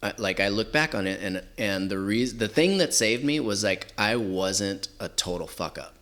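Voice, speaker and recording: Rambling low-voiced man telling stories. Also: expressive, moderate pace, a bit bright. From Southern California. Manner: rambling, heavy use of "like" and "you know". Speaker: podcast guest. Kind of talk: casual storytelling.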